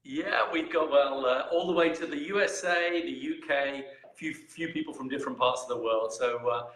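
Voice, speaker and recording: Man, guest, bright voice, echoey room, friendly. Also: mid-range voice, normal speed. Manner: friendly, polite, laughs easily. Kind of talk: live stream interview.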